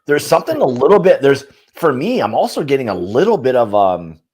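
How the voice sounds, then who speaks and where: A man's voice: mid-range voice, sing-song, a little fast, darkish tone, breathy edge. A man co-hosting a casual bourbon tasting, thoughtful and hesitant as he describes flavors. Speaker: podcast co-host.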